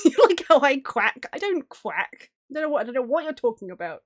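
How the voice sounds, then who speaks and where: A woman's voice: high voice, very animated, fairly quick. A woman streamer chatting casually while drawing, gushing and giggling often. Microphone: streaming mic.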